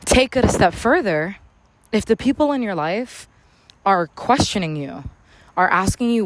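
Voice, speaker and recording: A woman talks through a casual motivational podcast monologue outdoors near traffic. She speaks loudly and candidly, in a mid-pitched voice, slangy and profane. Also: animated, measured pace. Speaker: podcast host.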